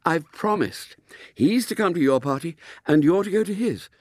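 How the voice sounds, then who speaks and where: Man putting on a soft firm mum voice, coaxing, a bit higher than his own, storybook read. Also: normal speed, dry recording, clean studio sound. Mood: gently firm. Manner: calm and coaxing. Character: gently firm middle-aged mother.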